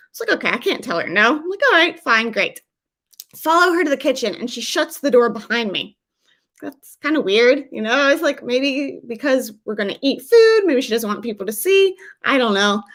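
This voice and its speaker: A young woman from the US recounts a personal story in a conversational way, with a slightly higher voice. She slips into the voices of the people she quotes as the story moves along. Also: fairly bright tone. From USA. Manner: conversational, acts out quoted dialogue with shifts in pitch. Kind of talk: first-person live storytelling.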